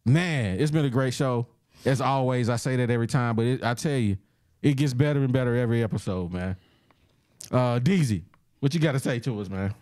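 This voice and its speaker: A man's voice: medium pitch, fairly quick, a little mellow. A man hosting a casual sports podcast, laughing often and tacking "man" onto every line. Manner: laughing, loose, says "man" constantly. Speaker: podcast host. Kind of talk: casual late-night sports podcast banter.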